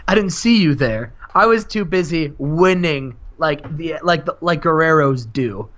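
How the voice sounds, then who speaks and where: A man putting on a smug male wrestling champion bragging slowly about his wins, on a lo-fi mic. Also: a little high, expressive, a bit bright.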